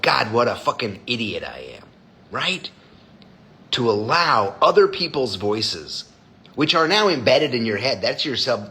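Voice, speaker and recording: A man's voice: medium pitch, bright, forceful tone. A man hosting a live stream as a designer, chatting casually with viewers in a blunt, profane way.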